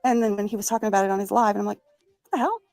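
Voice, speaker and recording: A woman speaking fast at a fairly high pitch, her voice gravelly with fry. She tells her story in rushed, emphatic bursts, like a panel guest who wants to get it all out. The sound is dry and close. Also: darkish tone, dry recording, faint music behind. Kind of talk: recounting on a livestream panel.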